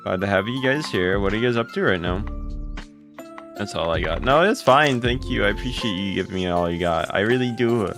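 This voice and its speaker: Young man chatting on a live stream. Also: a little fast. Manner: greets chat and thanks donors, voice jumps high when excited. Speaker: livestreamer. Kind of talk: casual live stream chat. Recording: music playing behind.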